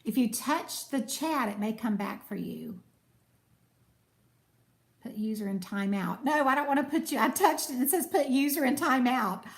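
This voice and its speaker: A woman's voice: on the high side, moderate pace, creaky. A woman, chatting casually on a live stream and thanking viewers as she reads their comments. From United States. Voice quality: soothing voice. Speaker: cooking channel host. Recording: echoey room.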